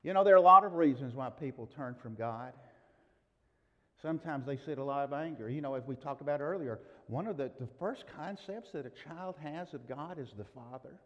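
A man's voice: mid-range voice, a little fast. Earnest man preaching in a reverberant hall. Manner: earnest storytelling, with swings in loudness. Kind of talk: sermon. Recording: dull sound in a large reverberant hall.

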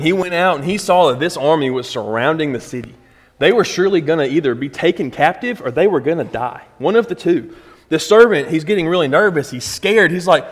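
A man preaching a sermon in a casual, conversational way, often checking in with the congregation. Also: medium pitch. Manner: conversational, asks the congregation "right?". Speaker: pastor. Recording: long reverb in a hall.

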